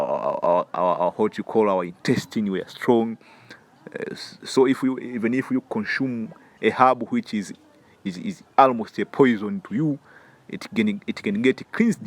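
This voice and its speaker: A man's voice: lowish voice, darkish tone. A man with a Tanzanian accent giving an informal preaching lesson, emphatic and repetitive, often stumbling over repeated words and calling the listener "man". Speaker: religious health teacher.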